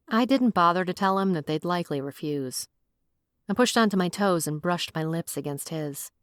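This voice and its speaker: A woman narrating a first-person audiobook in a wry, expressive way, on a close studio mic. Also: lowish voice, moderate pace, no echo.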